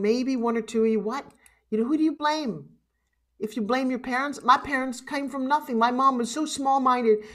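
A middle-aged woman giving a live motivational keynote, animated and emotional, swinging from loud exclamations to hushed asides. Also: a little high. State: tearful at times. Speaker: motivational speaker.

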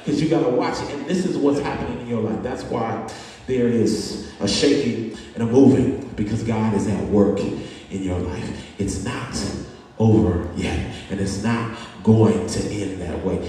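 A man preaching a sermon as pastor, talking in an animated, conversational way with humor and asides to the congregation. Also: on the low side, a little slow, distant mic. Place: church sanctuary. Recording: echoey church hall, voice from off-mic.

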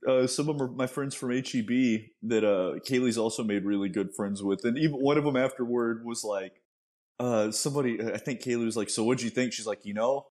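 A young man in casual podcast chat, his voice mid-pitched and ordinary. He tells anecdotes and trades crude jokes with his co-host. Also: a little fast, darkish tone. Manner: crude, joking banter.

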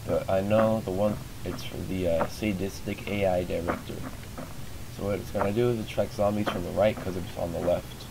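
A low, gravelly man's voice, flat and sleepy because he has just woken up, rambling through his game as he plays. The recording carries a steady layer of noise underneath. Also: moderate pace. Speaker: streamer. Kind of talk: casual gameplay commentary.

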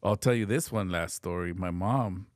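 A man's voice: low-pitched, normal speed, dry recording, clean studio sound. A middle-aged man telling a personal story on a podcast in an earnest, casual way, slipping into Spanish phrases and swearing freely. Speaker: podcast guest.

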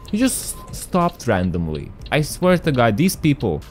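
An excitable male streamer giving casual gameplay commentary, his pitch swinging up and down as he reacts. He chats straight to his viewers and now and then shouts at the traffic. Faint music plays behind him. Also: a little slow. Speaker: gaming streamer.

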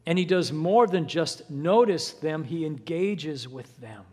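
Male pastor, higher register, dramatic storyteller, large reverberant church. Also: lively intonation, measured pace, a little mellow. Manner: dramatic retelling with voiced quotes. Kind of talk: sermon. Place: church sanctuary. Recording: long hall reverb.

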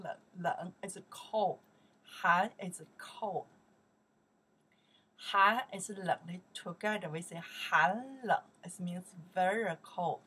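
A woman with a Chinese accent teaching vocabulary slowly and patiently, repeating words and often checking in with "okay". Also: on the low side, breathy edge. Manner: patient, repetitive, says "okay" often, drills words loudly. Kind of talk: slow vocabulary lesson.

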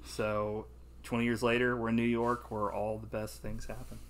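A man's voice: mid-range voice, monotone, moderate pace. A man co-hosting a casual podcast movie review, talking loosely with lots of swearing and laughter. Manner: loose, profane, laughs often, acts out movie lines. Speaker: podcast co-host.

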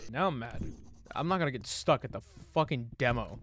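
Young male streamer, bright lively voice, swearing constantly, mutters then yells at the game. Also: mid-range voice, fairly quick. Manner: profane, reactive, swings from muttering to yelling. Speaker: streamer playing a horror game. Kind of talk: live gaming commentary.

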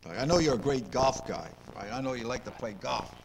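Rambling older host, noisy recording. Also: male voice, mid-range voice, animated, a little fast, gravelly. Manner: rambling, repeats words, asks leading questions. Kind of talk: local interview show. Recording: noisy 2002 local cable recording.

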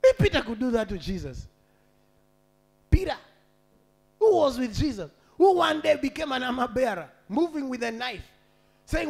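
A man preaching a sermon as a pastor, swinging between shouted, half-sung peaks and quiet, conversational asides. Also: very high voice, very animated, moderate pace, gravelly, pauses often.

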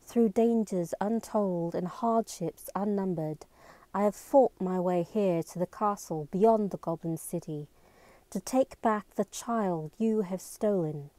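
A woman's voice: mid-range voice, takes it slowly, warm tone, no room sound, close to an everyday voice. A woman voicing an earnest, determined teenage girl who declaims rehearsed lines with growing intensity, in a storybook reading.

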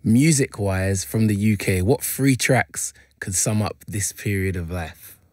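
A man hosting a radio interview, giving short, encouraging replies and asking quick questions. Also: lowish voice, no room sound, clean studio sound. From England. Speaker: radio host. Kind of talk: interview host, casual. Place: radio studio. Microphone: studio microphone.

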